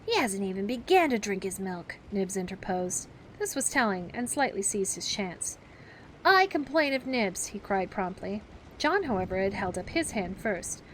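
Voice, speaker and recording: A woman reading a children's classic aloud as a gentle bedtime story, taking on the characters' voices. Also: very animated, normal speed, a little hiss or hum. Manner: acts the characters with raised pitch for the children's outbursts.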